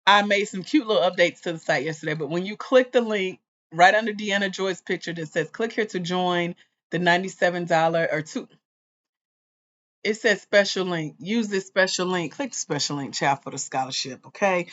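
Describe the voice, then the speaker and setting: A woman hosting a livestream as a grants coach, talking straight to her viewers in an excited, chatty way. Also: lowish voice, brisk, dull audio. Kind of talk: casual livestream chat.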